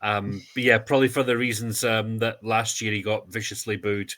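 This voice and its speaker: A man in casual chat, making brief, quiet remarks. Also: on the low side, little pitch movement, normal speed.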